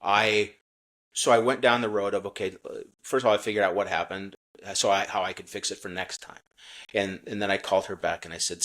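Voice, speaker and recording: A middle-aged man, a company chief, telling a customer-service story in a relaxed interview with earnest restarts. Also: fairly low pitch, a little fast. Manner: earnest, acts out quoted dialogue, many restarts. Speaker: menswear company CEO, podcast guest. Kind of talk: casual interview talk, storytelling.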